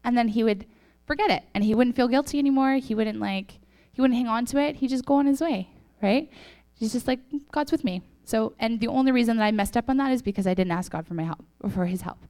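A woman's voice: a little high, fast talker, few pauses, darkish tone. A woman leading a youth group with a casual faith talk, chatty and full of "like" and "right?".

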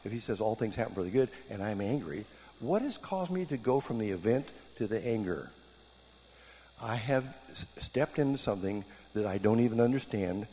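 Middle-aged male preacher, lively storytelling, swooping pitch, long hall reverb, faint hum behind. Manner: animated storytelling, voice jumping up in reenactments. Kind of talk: sermon.

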